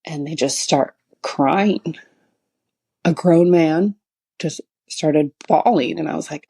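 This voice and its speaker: A woman's voice: low-pitched, slow pace, gravelly, warm tone, slightly rough. A woman hosting her own podcast, telling a rambling story with laughs and acted-out quotes. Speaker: podcast host and chiropractor. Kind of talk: casual solo podcast monologue.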